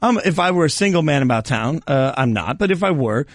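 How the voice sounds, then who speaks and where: Playful fill-in sports radio host, man, slightly higher voice, dry close mic. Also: lively intonation, a little fast, dry recording. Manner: playful, self-mocking, rambling. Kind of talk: joking sports radio chat. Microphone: studio mic.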